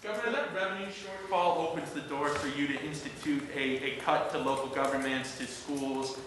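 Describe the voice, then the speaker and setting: A man's voice: fairly high pitch, moderate pace, background noise. A man reporter asking a pointed question at a press briefing, heard off-mic in an echoey room.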